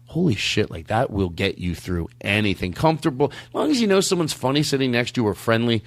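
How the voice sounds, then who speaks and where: A man's voice: mid-range voice, very animated, fast, no echo. A man hosting a comedy podcast, chatting in a rambling way with frequent laughs and restarts. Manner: rambling, laughing, self-interrupting. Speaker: podcast host. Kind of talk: casual comedic chat.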